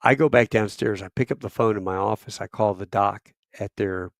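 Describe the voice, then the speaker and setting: A man in his fifties, a podcast guest telling a casual story, profane, with loud bursts and quiet asides. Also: on the low side, a little fast, creaky, no room sound, clean studio sound.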